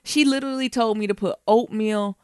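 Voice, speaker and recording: A woman co-hosting a podcast in a casual chat, animated and quick to laugh, swearing freely. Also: medium pitch, clear, resonant tone, dry recording, clean studio sound. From Detroit, USA. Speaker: podcast co-host.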